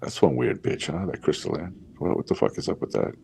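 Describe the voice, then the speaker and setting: A man co-hosting a casual stream who teases his partner and talks bluntly and crudely. His voice is very deep. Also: expressive, brisk, creaky, dark tone, husky. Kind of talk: casual chat.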